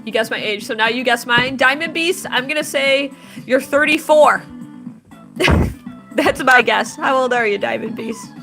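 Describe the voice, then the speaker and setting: A woman's voice: sits high, a little slow, bright, forceful tone, soft background music. A woman in her thirties chatting casually with her livestream audience while she draws. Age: 30s. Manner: chatty, talking to chat while drawing. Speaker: livestream artist.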